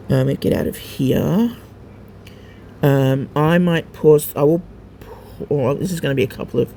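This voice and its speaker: Male gamer, deep-toned and gravelly, casual hesitant walkthrough with lots of filler and the odd swear. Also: normal speed, warm tone, slight background noise. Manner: rambling and hesitant, many ums and restarts. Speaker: mobile gamer showing a game to a friend.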